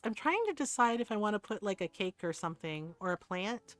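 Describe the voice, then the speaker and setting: A woman's voice: medium pitch, lively intonation, brisk, hardly any pauses, dry recording, soft background music. Chatty woman streamer telling stories. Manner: chatty storytelling, quotes people, laughs often. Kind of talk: casual chat while gaming.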